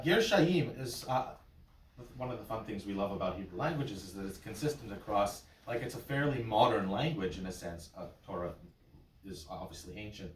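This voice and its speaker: A man working as a cantor, teaching a small class with playful memory tricks and short sung examples. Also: on the low side. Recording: roomy and from far off.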